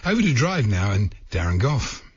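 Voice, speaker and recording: A man's voice: lowish voice, very animated, normal speed, breathy edge, no room sound. A man co-hosting a sports radio show, introducing clips and laughing along in casual banter. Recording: dull dry lo-fi radio audio.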